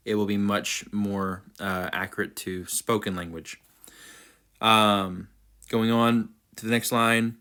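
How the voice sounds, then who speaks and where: A man's voice: lowish voice, steady tone, slow, bright, forceful tone, clear, resonant tone. A man teaching choir diction, patiently sounding out words syllable by syllable. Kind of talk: instructional diction walkthrough.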